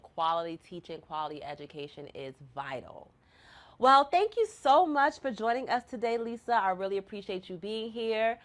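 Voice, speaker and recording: Woman podcast host, mid pitch, friendly, encouraging interviewer. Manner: friendly, encouraging with quick laughs. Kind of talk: casual interview hosting.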